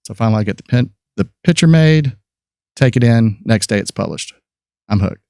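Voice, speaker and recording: Gravelly man in his fifties telling stories. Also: mid-range voice, animated, normal speed, mellow, no echo, studio quality. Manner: rambling anecdotal storyteller, many fillers and restarts. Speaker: podcast guest, photographer. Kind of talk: casual storytelling chat.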